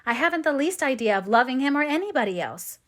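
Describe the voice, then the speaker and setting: A woman's voice: high-pitched, very animated, fast talker, voice pushed up. A woman reading a spirited, earnest young woman. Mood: earnest, remorseful. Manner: earnest, gently firm. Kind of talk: audiobook reading.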